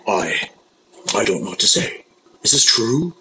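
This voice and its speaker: A man's voice: on the low side, very animated, measured pace, bright, forceful tone, a little hiss or hum, full character voice, low-quality recording. A man playing a bewildered, paranoid husband. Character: paranoid, confused husband in a skit. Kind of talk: scripted sketch acting.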